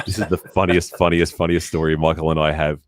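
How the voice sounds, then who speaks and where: A man's voice: very deep voice, level tone, quick pace, a little hiss or hum. An Australian man hosting a casual live-stream chat, talkative and often laughing. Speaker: host.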